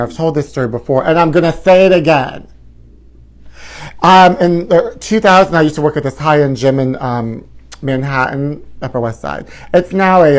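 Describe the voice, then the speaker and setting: A man in his forties hosting a live gossip talk show, flamboyant and sassy, calling his viewers honey. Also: fairly high pitch. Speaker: host.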